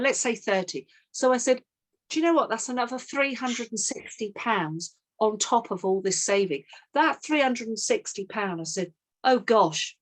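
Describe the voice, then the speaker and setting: A middle-aged woman leading a team coaching session, telling a sales story and acting out both sides of the call. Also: a little high.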